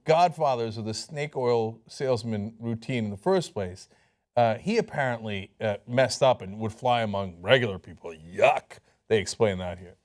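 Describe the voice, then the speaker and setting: A man's voice: fairly low pitch, lively intonation, normal speed. A man giving sarcastic commentary, mocking what he shows and parodying it in silly voices.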